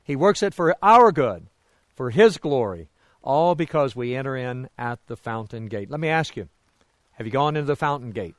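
A man's voice: animated, normal speed, dry recording, studio quality. A man preaching a sermon to a congregation, swinging his voice up and down for emphasis and asking them rhetorical questions. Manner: emphatic rises and drops in pitch and volume.

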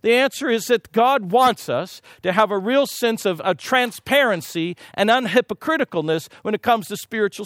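A middle-aged preacher gives a relaxed, conversational sermon, firing rhetorical questions and asides at his listeners. His voice is high for a man, and the recording is close and dry without room echo.

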